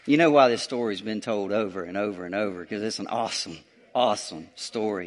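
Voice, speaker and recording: A male pastor, preaching a sermon emphatically, repeating phrases and building to loud surges. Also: on the low side, a little fast.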